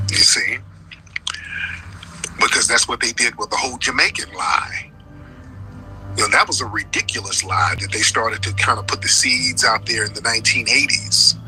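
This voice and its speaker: Male host, forceful and bright, insistent and preachy in debate. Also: medium pitch, rough recording. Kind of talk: heated debate on a live stream.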